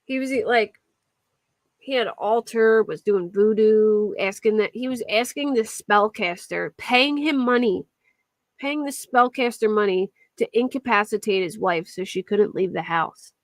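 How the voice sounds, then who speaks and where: A woman's voice: medium pitch, measured pace, dry recording. A young woman hosting a casual true-crime live stream, chatting and answering viewers at her desk mic. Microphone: desk mic at a computer.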